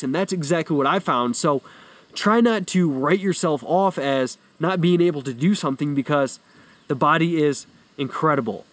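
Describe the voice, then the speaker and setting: A young adult man hosts a fitness podcast as a coach, talking solo in a loose, rambling, easygoing way as he explains things. His pitch is fairly high, his pace moderate, and the recording is dry.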